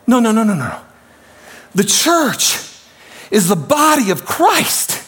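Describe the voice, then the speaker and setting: A man preaching a sermon as pastor, swinging from shouts down to hushed, quiet lines. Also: extremely high pitch, big pitch swings, a little slow, slightly rough.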